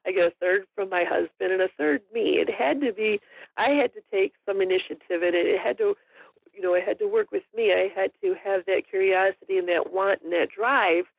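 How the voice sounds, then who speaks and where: A woman's voice: mid-range voice, a little fast, creaky, no room sound, narrow, tinny audio. A middle-aged woman, a guest on an interview podcast, talking casually and rambling with lots of ums and little laughs. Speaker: guest, hunter and store owner.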